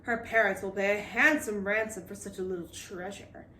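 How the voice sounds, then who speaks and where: A woman voicing a gruff, short-tempered male pirate captain who growls and shouts threats in a storybook reading. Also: medium pitch, steady tone, moderate pace, distant mic, a little hiss or hum, lightly acted. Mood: blustering. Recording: roomy echo.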